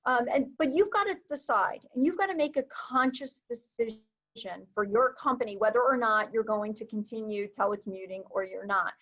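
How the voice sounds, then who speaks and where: A woman's voice: a little high, normal speed, fairly bright tone. A woman presenting a recorded training webinar, explaining in a conversational way with frequent fillers. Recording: dull, lo-fi webinar audio.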